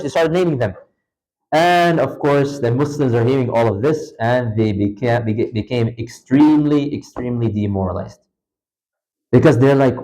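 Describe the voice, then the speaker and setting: Animated male lecturer, higher voice. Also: rough recording. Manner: animated, acts out dialogue with lifted pitch; casual phrasing with fillers and restarts. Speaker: Islamic lecturer. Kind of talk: storytelling lecture. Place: mosque.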